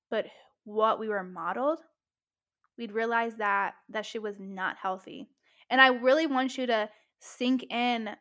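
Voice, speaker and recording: A woman's voice: a little high, fairly bright tone. A young adult woman hosting a casual self-help talk, candid and emphatic, swearing freely and saying "like" often. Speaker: podcast host.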